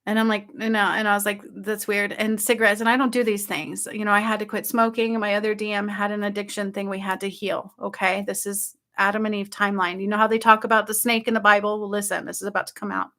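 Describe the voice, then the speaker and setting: Bright, excitable woman retelling a dream. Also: mid-range voice, fast, hardly any pauses. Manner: excited, breathless storytelling with frequent "like" and "okay?". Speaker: spiritual channel host. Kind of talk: casual dream retelling to viewers.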